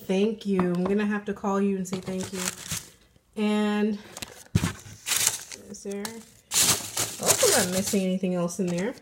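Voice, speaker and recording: A woman's voice: medium pitch, slow pace, darkish tone, a little hiss or hum. A woman unboxing jewelry in a casual vlog, gushing and thankful, at home in her apartment. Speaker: jewelry vlogger. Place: apartment with a train passing outside. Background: faint passing train.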